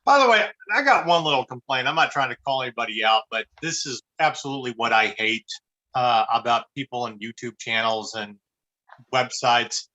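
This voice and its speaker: A man co-hosting a nerd podcast, speaking bluntly and with force. He rants about what bothers him. His voice is bright and sharp-edged. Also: mid-range voice, animated, moderate pace, lo-fi sound. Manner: blunt, ranting, emphatic. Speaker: podcast co-host. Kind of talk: casual chat.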